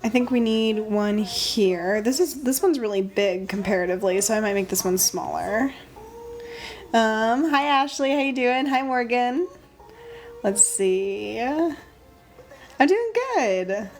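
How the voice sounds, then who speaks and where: A woman's voice: on the high side, slow pace, soft background music. A young woman casually chatting on a livestream while she draws, thinking aloud and greeting viewers by name. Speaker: livestream host drawing stickers.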